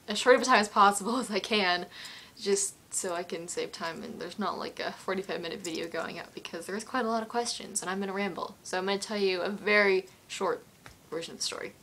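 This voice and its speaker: Woman, casual vlog, rambling, giggly, apologetic, emotional, at home. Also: medium pitch. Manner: excitable, emotional storytelling. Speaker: vlogger answering fan questions. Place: at home with her cat.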